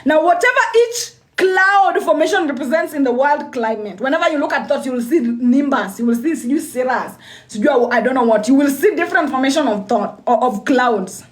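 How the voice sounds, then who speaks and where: A young woman with a high, expressive voice gives a motivational talk on a livestream at a fairly quick pace. She is repetitive and emphatic, repeating lines and frequently restarting her sentences.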